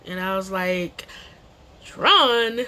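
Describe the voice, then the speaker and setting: Animated bright-voiced young woman vlogger. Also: high-pitched, a little slow. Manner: emphatic, slangy, repeats phrases, says bro. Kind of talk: animated storytime.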